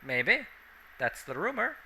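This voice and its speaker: A man's voice: high voice, very animated, unhurried, gravelly, sharp tone, slight background noise, pitched above the performer's own voice, exaggerated voice, rough recording. A man doing a folksy village watchman. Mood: plain. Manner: folksy, plain-spoken. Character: rustic male town watchman and farmer.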